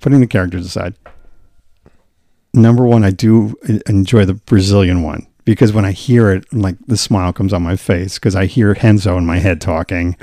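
A man's voice: deep voice, fairly even intonation, moderate pace, warm tone, dry recording, studio quality. A man co-hosting a podcast, chatting loosely and laughing often. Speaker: podcast co-host. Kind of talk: casual chat.

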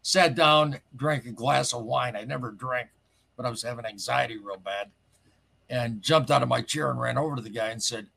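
Gravelly, excitable man rambling through a story. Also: mid-range voice, brisk. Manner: rambling, excitable, lots of asides. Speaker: caller telling his story. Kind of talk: casual storytelling.

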